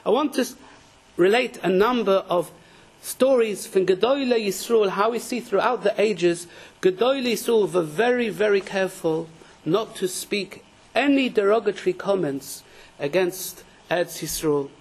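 A man's voice: high voice, normal speed. A man with teaching a Torah class, telling stories with dramatic energy and raising his voice when quoting people. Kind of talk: animated religious lecture with acted-out stories.

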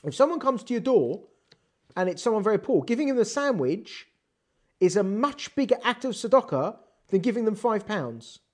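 A Torah teacher giving a text study lesson, animated and full of rhetorical questions, reading out Hebrew terms. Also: medium pitch, moderate pace.

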